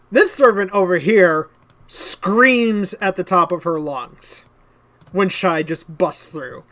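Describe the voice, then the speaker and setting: A game master narrating a tabletop game in a relaxed way, often breaking into laughter. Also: medium pitch.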